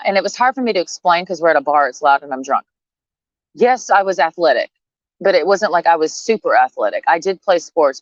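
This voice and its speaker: A woman's voice: sits low, no echo, highs cut off. A woman ranting bluntly and profanely in a rambling, casual way to camera. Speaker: vlogger.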